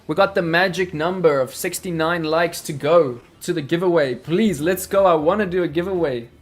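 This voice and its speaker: A man's voice: fairly high pitch, moderate pace. A man hosting a live crypto trading stream, talking energetically through charts and answering viewers in chat. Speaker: crypto livestream host.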